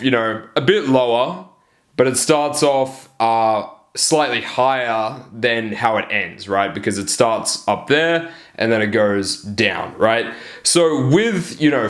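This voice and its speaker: A man talks straight to camera as a dating coach. His delivery is blunt, casual and full of profanity, and he keeps checking in with listeners. His pitch sits in a middle range. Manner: blunt, profane, peppers lines with "right?".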